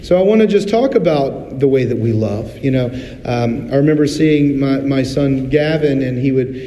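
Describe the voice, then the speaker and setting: A man preaching a sermon as pastor, talking candidly and conversationally, acting out quick little voices as he goes. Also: mid-range voice, warm tone, lo-fi sound. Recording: roomy hall reverb, faint ambience.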